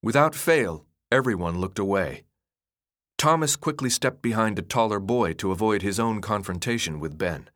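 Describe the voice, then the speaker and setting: Expressive male audiobook narrator, dry sound. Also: lowish voice, normal speed, no room sound. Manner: expressive, dramatic reading. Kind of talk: scripted narration.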